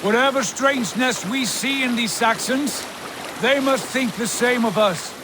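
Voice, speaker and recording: An actor playing a calm, authoritative Viking jarl who leads his crew in a video game. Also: very high-pitched, noisy background. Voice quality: measured, authoritative. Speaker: jarl leading a landing party.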